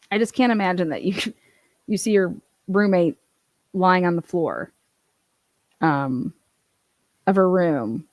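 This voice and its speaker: A woman's voice: lowish voice, slow pace, pauses often, no room sound. A woman giving casual true-crime commentary, blunt and incredulous, swearing freely.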